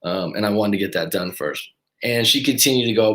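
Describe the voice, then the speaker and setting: A man's voice: lowish voice, normal speed. Man telling a story in a roomy echo. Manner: animated, acts out other people's lines. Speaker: breakup coach. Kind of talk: casual storytelling.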